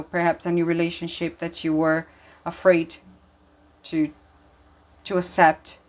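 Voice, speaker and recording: Earnest woman giving a tarot reading. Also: lowish voice. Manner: earnest, emphatic, many fillers and restarts. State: emotional, moved. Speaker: tarot reader. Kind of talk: intuitive tarot reading monologue.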